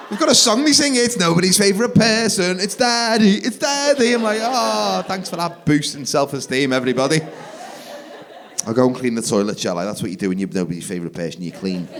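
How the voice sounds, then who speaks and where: Animated stand-up comic. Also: male voice, on the high side, a little hiss or hum. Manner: animated, jumps into loud shouted voices for the kids. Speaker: stand-up comedian. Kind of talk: live stand-up comedy. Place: theatre stage. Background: audience laughter.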